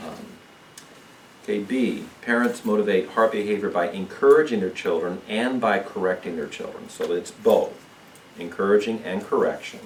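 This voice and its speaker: A man with a very low voice teaches a church parenting seminar, calm and explanatory. He sounds distant from the microphone, in a room full of echo. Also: slight background noise. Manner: calm, explanatory, asks "okay?" often. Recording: echoey room, mic far off.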